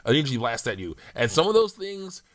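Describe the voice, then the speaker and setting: A man's voice: medium pitch, sing-song, fairly quick, no echo. Rambling, laughing young man. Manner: rambling, laughing often, trails off and restarts. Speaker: hobbyist game-character maker. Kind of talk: casual commentary on his game mods.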